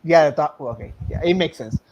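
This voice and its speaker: A Puerto Rican man chatting casually about movies on a podcast, mixing Spanish and English mid-sentence. He talks quickly and jokes around. His voice sits fairly high. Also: darkish tone, highs cut off, slight background noise. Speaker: podcast co-host. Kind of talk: casual film chat.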